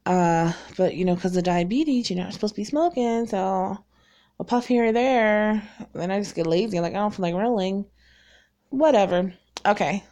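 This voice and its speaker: A woman's voice: medium pitch, animated, normal speed, warm tone. Woman, about forty, from North Carolina. Casual vlogger, rambling, candid, laughs a lot. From North Carolina, raised in Virginia. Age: around 40. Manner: rambling, chatty, laughs often; frank and self-deprecating. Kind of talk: casual chat to viewers.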